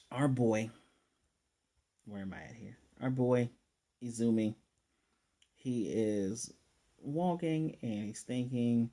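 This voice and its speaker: Mellow-voiced man rambling through an anime recap. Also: mid-range voice. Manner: rambling, loose, checks his notes aloud. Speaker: anime reviewer. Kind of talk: casual recap.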